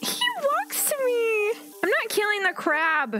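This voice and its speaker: This young woman's gameplay commentary is full of gasps, squeals and baby-talk aimed at the animals as she creates gaming videos. Her very high voice is pushed, bright and very animated but unhurried, with faint music behind it.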